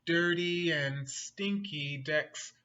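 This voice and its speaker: A man reading a picture book aloud to children, animated and asking the listeners questions. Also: fairly high pitch, extremely slow, lo-fi sound. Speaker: storyteller.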